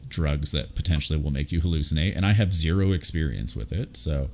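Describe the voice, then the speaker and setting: A man telling a personal story in casual chat on a live stream, animated and swinging his voice around as he quotes people. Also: extremely low pitch, a little fast. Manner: laughs through the funny parts, fillers and restarts. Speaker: guest on a live stream talk show.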